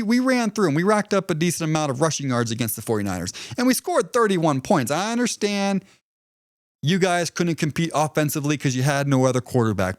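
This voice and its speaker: A man hosting a solo sports podcast, ranting in a heated, sarcastic and profane way, now and then mocking rivals in a whiny high voice. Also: dry recording, clean studio sound. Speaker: podcast host.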